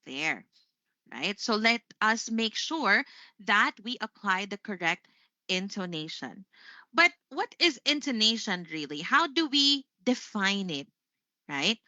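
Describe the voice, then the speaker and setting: A woman's voice: mid-range voice, sing-song, takes it slowly, pushed and bright, no room sound, lo-fi sound. A Filipino woman hosting a live English lesson, chatty, tagging "right?" onto most of her points. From Philippines.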